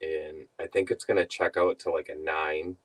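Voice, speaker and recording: A man's voice: extremely low pitch, little pitch movement, normal speed, rough recording. A young man telling a rambling story to his stream viewers, laughing often and breaking off mid-sentence. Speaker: reseller streamer.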